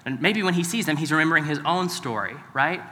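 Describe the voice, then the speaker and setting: A man's voice: on the high side, expressive, quick pace, pushed and bright. Man preaching in an echoing hall. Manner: conversational, asks the congregation questions. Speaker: pastor. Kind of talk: sermon. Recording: long hall reverb.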